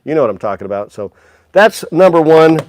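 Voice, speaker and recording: Man, casual livestream host, chatty, upbeat, slightly high voice, dry room. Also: sing-song, brisk, darkish tone, dry recording. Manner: upbeat, chatty, talks to viewers by name. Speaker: music store livestream host. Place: indoor music store.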